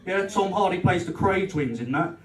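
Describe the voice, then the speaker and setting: A man's voice: sits high, animated, moderate pace. A man doing a live stand-up set, teasing the crowd and acting out rows with his girlfriend. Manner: cheeky, swearing, acts out quarrels. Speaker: stand-up comedian. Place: club function room on stage. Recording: roomy live sound from far off.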